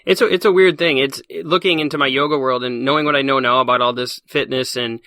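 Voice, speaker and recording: A man talks fast with a bright, forceful voice, animated and quick to laugh as he tells his stories. The sound is dry and close, with no room around it. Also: mid-range voice, no echo. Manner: fast, animated storyteller who laughs often. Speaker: podcast guest, science teacher. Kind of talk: casual interview chat.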